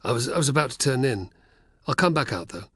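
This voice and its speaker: A man voicing a gruff, irritable male soldier who snaps and growls. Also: medium pitch, lively intonation, quick pace, a bit bright, dry recording, clean studio sound, voice pushed up. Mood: deferential. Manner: snapping, growling.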